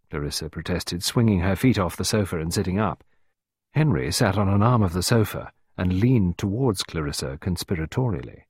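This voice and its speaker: A man reading a story aloud in a measured, low-key narrating voice. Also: lively intonation, a little mellow, husky, no room sound, studio quality. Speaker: audiobook narrator. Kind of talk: scripted narration.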